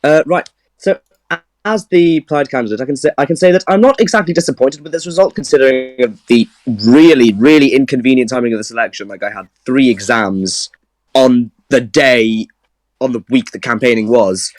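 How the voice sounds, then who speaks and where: A man speaking as a guest candidate on a casual livestream, in a relaxed, slightly rambling way. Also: mid-range voice, moderate pace, dry recording.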